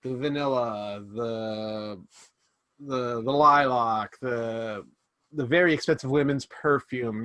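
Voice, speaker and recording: A man running a tabletop game as game master, narrating scenes with quick restarts and fillers. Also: medium pitch, a bit bright, no room sound.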